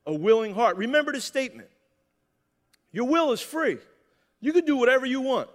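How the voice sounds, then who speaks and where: High-voiced preaching man, hall reverb. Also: moderate pace. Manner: animated, calls for "amen". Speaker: pastor. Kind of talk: sermon.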